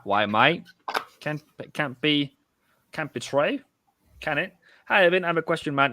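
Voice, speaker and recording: Norwegian guy rambling on a live stream, slow and laid back, dry close sound. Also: mid-range voice, dry recording. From Norway. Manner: relaxed, rambling, chatting with viewers. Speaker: live-stream trading host. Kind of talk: casual live-stream chat.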